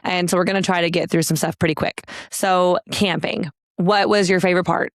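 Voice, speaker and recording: A woman's voice: lowish voice, steady tone, fairly quick, dry recording, studio quality. A woman in her thirties co-hosting a podcast in casual, rambling chat, laughing often and leaning on "like" and "you know". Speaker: podcast co-host.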